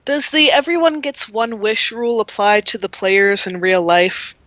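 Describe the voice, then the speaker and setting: A woman's voice: mid-range voice, animated, normal speed, a bit bright, no echo, highs cut off. A woman player joking playfully with the others at a tabletop game. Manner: playful, jokey. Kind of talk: casual tabletop chat.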